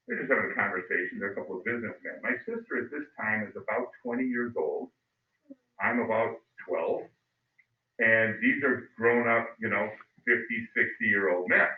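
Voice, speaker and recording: A middle-aged male history teacher telling a story to his class, animated and acting out voices. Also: fairly low pitch, moderate pace. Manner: animated, acts out voices, loud bursts. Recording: phone-like, echoey, distant mic.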